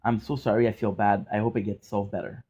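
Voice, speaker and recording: A man's voice: on the low side, flat delivery, quick pace, dark tone, slightly rough. A young man chatting casually in a vlog from his apartment, rambling with restarts and casual swearing. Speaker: gaming vlogger. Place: hot apartment.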